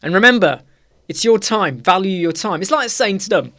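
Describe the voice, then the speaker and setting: A man's voice: high voice, expressive, moderate pace, sharp tone. A young man hosting a live web design Q&A stream, talking casually with energy and repeating key phrases for emphasis.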